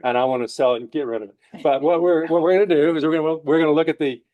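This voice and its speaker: A man's voice: on the high side, fairly even intonation, racing, phone-quality sound. A man giving a committee report at a town meeting, talking in a folksy, repetitive way.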